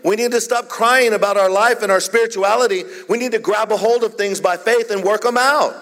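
A man's voice: high-pitched, fairly even intonation, a little fast, fairly bright tone. A man preaching a sermon as a pastor, repeatedly calling out "Amen?" to the congregation. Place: church hall. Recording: long hall reverb.

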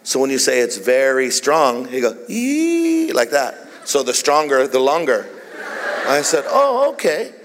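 A man's voice: medium pitch, steady tone, moderate pace, a bit bright, slight background noise. A man preaching a sermon, telling jokes and stories in a playful, teasing way as the pastor. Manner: playful, jokey storytelling preacher. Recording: long reverb of a large hall.

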